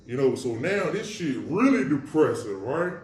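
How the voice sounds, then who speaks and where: A man on his own show, telling a story from his past in a casual, slangy, profane way with wry humor about dark memories. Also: on the high side, very animated, moderate pace, echoey room, far from the mic. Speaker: podcast host recounting his past.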